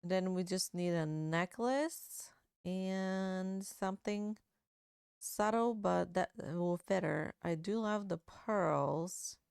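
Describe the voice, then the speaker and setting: A woman's voice: fairly low pitch, gravelly, darkish tone, clean tone, dry recording, clean studio sound. Chatty young woman narrating a game. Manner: chatty, playful, gossipy. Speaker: gaming channel host. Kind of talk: casual game commentary.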